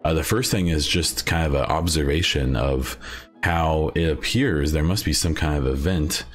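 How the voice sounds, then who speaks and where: A young man with an extremely deep, low voice hosts a solo gaming podcast. He talks in a loose, rambling way, full of "uh"s and false starts. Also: normal speed. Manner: casual, rambling, many fillers and restarts. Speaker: podcast host.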